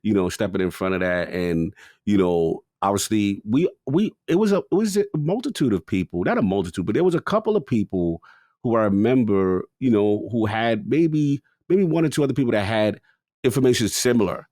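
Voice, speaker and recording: A man co-hosting a gaming podcast in casual chat, slangy and animated, jumping into louder acted-out bits. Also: lowish voice, a little fast, no echo, clean studio sound. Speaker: podcast co-host.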